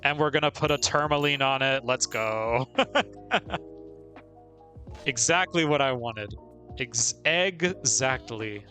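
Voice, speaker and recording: Guy streaming a game, bright tense voice, talks thru every move, laughs a lot, faint music behind. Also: medium pitch, slow, long pauses. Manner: chatty, laughs often, narrates own moves. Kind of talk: casual live gameplay commentary.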